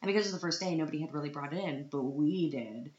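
Chatty low-voiced woman from Canada. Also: very fast, a little mellow, reverberant, muffled recording. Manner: chatty, self-mocking, laughs often. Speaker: vlogger, autism group organiser. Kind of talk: casual storytelling vlog.

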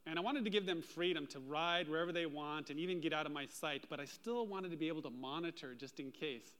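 A man preaching a sermon as pastor, telling a personal story with lively, animated delivery. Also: on the high side, fast talker.

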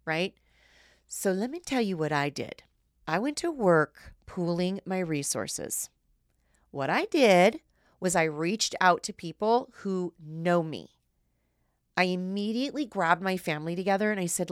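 A woman in her thirties telling an animated, emotional story to her listeners in a casual way. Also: lowish voice, unhurried, no room sound, studio quality.

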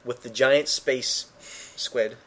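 A man's voice: mid-range voice, steady tone, slow pace, a bit bright. A man with a Canadian accent, co-hosting a casual chat about a miniatures game with enthusiastic, playful asides.

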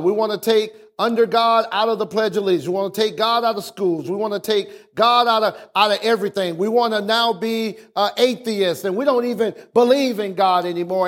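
High-voiced preaching man. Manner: preaching with call-outs to the congregation; swings from low explaining talk to raised, drawn-out emphasis. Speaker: pastor. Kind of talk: sermon.

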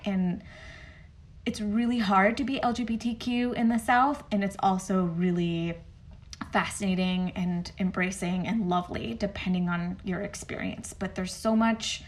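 A woman from Mexico, a podcast co-host, chatting casually in a bubbly, giggly way. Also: mid-range voice. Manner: bubbly and giggly, with frequent laughs and fillers. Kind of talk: casual chat.

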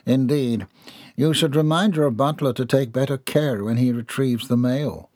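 A man's voice: mid-range voice, normal speed, darkish tone, no room sound, studio quality, lightly acted. A man voicing a stiff, disapproving barrister at a party. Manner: curt, disapproving. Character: stiff, pompous older male barrister.

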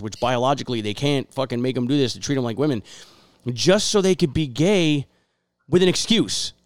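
A man's voice: medium pitch, clear, resonant tone, no room sound. A man co-hosting a casual podcast, ranting bluntly and swearing constantly. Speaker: podcast co-host. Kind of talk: casual profane rant.

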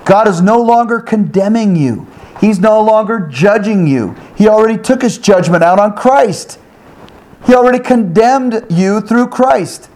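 A man teaching the Bible one-on-one in an animated way, with exclamations, rhetorical questions and repeated phrases. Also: high voice, measured pace. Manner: animated, with exclamations and sound effects.

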